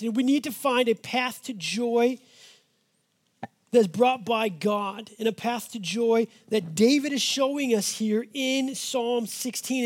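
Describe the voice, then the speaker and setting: Male pastor, very high voice, husky, casual folksy sermon, drawn-out scripture reading. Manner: conversational and folksy, slowing down to stress scripture.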